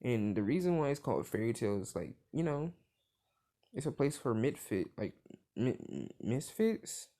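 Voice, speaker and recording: A man's voice: mid-range voice, big pitch swings, unhurried, dark tone. A young man casually retelling a cartoon crossover story, rambling with constant filler words and swearing. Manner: rambling, full of "like" fillers, profane.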